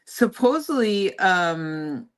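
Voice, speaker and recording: A woman chatting casually on a livestream, talking in a relaxed, conversational way to her viewers. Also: medium pitch, drawn-out words, clear, resonant tone. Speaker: livestream host.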